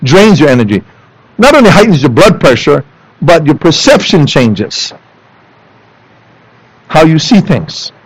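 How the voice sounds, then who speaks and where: Animated preacher, rising loud emphasis. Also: male voice, measured pace, long pauses, husky, no room sound, rough recording. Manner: animated, swings between loud emphatic lines and low asides to the congregation. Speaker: pastor. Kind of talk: sermon. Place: church sanctuary.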